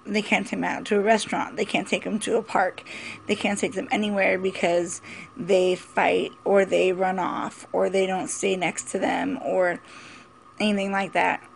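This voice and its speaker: Mom vlogger in her forties with a fry-edged voice, speaking bluntly and repeating her points. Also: medium pitch, little pitch movement, moderate pace, slight background noise. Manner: emphatic, blunt and repetitive. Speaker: mother vlogger. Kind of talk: casual opinion vlog.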